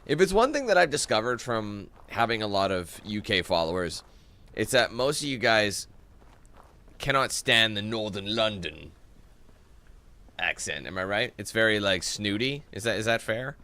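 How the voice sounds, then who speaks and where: A man's voice: lowish voice, animated, moderate pace, sharp tone. A man giving casual let's-play commentary, rambling and swearing with jokey asides. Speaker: gaming commentator.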